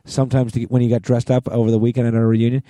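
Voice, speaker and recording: Mellow-voiced profane male podcast co-host. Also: mid-range voice, flat delivery, racing, no echo, studio quality. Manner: profane, agreeable, tells stories. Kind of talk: casual ranting chat.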